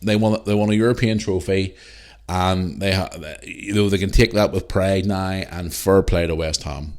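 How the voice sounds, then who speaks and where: A man's voice: deep voice, steady tone, normal speed, a little mellow. A man hosting his own podcast, ranting heatedly and swearing, with lots of repeated phrases. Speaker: podcast host. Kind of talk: solo podcast rant.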